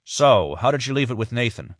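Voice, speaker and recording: Audiobook part: a nervous middle-aged colleague, hurried and placating, as a male narrator voices him, close and dry. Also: mid-range voice, animated, no room sound, voice pushed up, close to an everyday voice. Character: anxious middle-aged male law partner.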